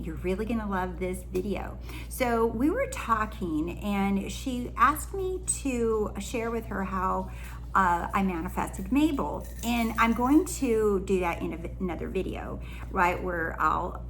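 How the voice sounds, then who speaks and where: A woman's voice: medium pitch, slight background noise. A woman spiritual coach talking to camera in an earnest, encouraging, rambling way. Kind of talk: casual spiritual teaching monologue.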